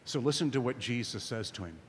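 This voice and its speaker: A man's voice: mid-range voice, animated, fast, long reverb tail. A man preaching a sermon at a camp meeting, emphatic and conversational, often asking his listeners questions.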